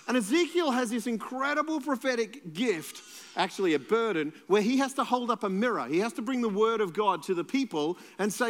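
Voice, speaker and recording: A man's voice: high voice, very animated, a little fast, a bit bright, long reverb tail. A man with an Australian accent, a pastor preaching a sermon in a conversational, playful way and joking with the congregation.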